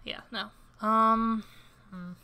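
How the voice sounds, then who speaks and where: Bright, chatty woman streamer. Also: fairly high pitch, steady tone, very slow, clean tone. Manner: chatty and self-deprecating. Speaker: game streamer. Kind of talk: let's-play commentary.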